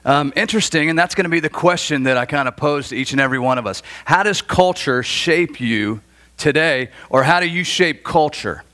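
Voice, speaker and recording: A man in his forties from Florida, preaching a sermon as a pastor and telling stories with animated, acted-out dialogue. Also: a little high, a little fast. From Florida, USA. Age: 40s. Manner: animated storytelling, acts out dialogue. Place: church.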